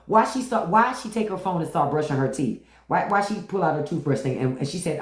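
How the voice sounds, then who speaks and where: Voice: mid-range voice, lively intonation, fairly quick, reverberant. A livestream host chatting casually with viewers, telling stories in a loose, profane way, often laughing and humming disapproval. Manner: loose, profane storytelling with frequent laughter and hums.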